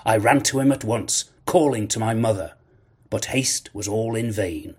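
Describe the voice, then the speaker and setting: A man narrating a classic adventure novel in a measured storytelling manner. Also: lowish voice, husky. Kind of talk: audiobook narration.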